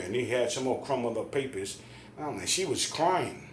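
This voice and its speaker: A man's voice: medium pitch, normal speed, a little hiss or hum. Heated, profane man in echoey room. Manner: profane, heated, animated retelling. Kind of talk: casual storytelling rant.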